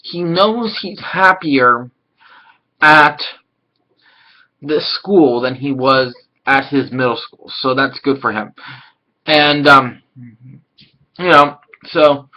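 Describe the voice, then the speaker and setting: A man casually reviewing an anime episode, rambling and excitable, swearing now and then. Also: medium pitch, extremely slow, long pauses, lo-fi sound.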